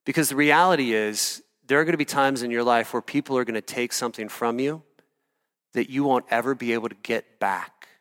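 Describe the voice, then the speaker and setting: A man preaching a sermon in an earnest, animated way, spinning stories and tossing asides to the congregation. His voice sits at an ordinary middle pitch. It rings with the long reverb of a large hall. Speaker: pastor.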